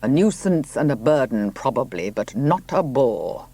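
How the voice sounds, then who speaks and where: A man reading the part of a blunt but kindly country gentleman who speaks dryly and placidly. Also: mid-range voice, big pitch swings, unhurried, husky, dry recording, heavily acted. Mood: firm.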